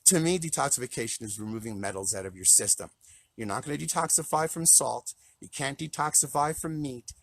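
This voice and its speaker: Choked-up man with a gravelly voice. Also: medium pitch, lively intonation, fairly quick, a bit bright. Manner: earnest, rambling, repeats himself when moved. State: choked up, near tears. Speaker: plant-based chef and counselor. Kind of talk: emotional live-stream talk to followers. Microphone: live video call.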